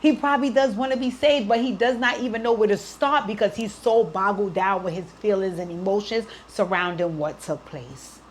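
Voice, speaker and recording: A woman's voice: medium pitch, normal speed, few pauses, slight background noise. Earnest woman giving emotional advice. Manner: emotional, earnest, near tears, frequent "right?". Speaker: advice show host. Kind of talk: heartfelt advice talk to a listener.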